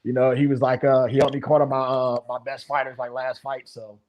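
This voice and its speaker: A man's voice: mid-range voice, monotone, brisk, highs cut off. A man who coaches fighters, telling stories in casual podcast chat and rambling with lots of fillers. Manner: rambling storyteller with many fillers. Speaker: martial arts coach.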